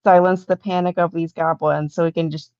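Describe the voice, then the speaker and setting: A woman's voice: on the low side, level tone, fairly quick, dry recording, muffled recording. A woman playing a tabletop game, chatty and peppering her talk with likes. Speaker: player. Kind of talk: casual chat.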